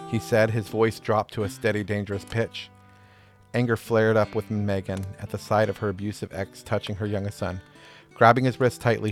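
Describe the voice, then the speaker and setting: A man narrating a story chapter in a steady, measured reading voice. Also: lowish voice. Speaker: audiobook narrator. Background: faint guitar music.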